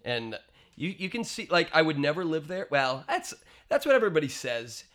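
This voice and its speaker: Bright-voiced animated male podcast guest. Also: on the high side, moderate pace. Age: young adult. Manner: animated storyteller, trails off mid-sentence. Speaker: guest, speaker and educator. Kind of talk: casual podcast chat.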